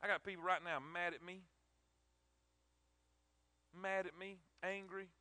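A man's voice: sits high, steady tone, unhurried, sharp tone, no room sound. A man preaching a sermon in an emphatic, emotional way, often repeating his words.

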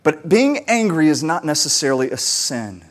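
A man in his thirties, a pastor and parent, preaching a conversational sermon with fillers and lively retellings. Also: fairly high pitch, moderate pace.

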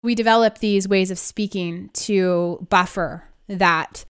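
Emphatic smooth-voiced woman podcast co-host. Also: mid-range voice, slow. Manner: animated, emphatic, laughs through frustration. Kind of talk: casual conversational podcast chat.

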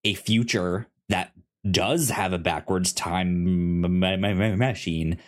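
A man co-hosting a podcast, chatting casually in a halting way with many restarts. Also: low voice. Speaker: podcast co-host. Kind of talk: casual discussion.

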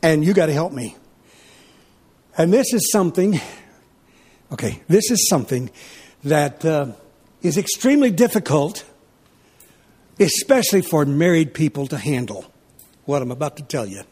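A man preaching a sermon, telling stories with lively back-and-forth dialogue. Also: a little high, moderate pace, pauses often, breathy edge. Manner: animated storytelling, acts out his wife and himself in dialogue. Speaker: pastor.

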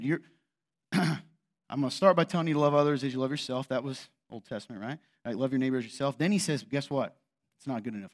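Middle-aged man, pastor, conversational sermon delivery, slightly raised pitch, rhetorical and wry. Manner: conversational, with rhetorical questions and sarcastic asides.

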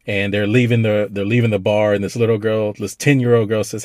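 A man co-hosting a podcast, chatting casually about movies in a rambling way and now and then acting out scenes in quick put-on voices. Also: on the low side, level tone, darkish tone, no room sound, studio quality. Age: young adult to middle-aged, a parent. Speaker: podcast co-host. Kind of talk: casual film review chat.

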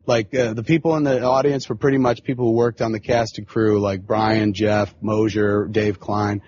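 Here a man in his forties, hosting a podcast, spins out a lengthy, profane, meandering story laced with fillers. He speaks in a lowish, level, darkish voice at a moderate pace, with no room sound and dull audio.

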